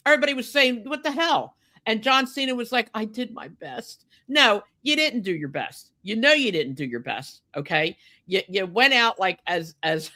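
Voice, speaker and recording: A woman's voice: fairly low pitch, bright, forceful tone. A woman co-hosting a podcast, chatting casually and getting indignant about a wrestling match, with lots of fillers and restarts. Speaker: podcast co-host.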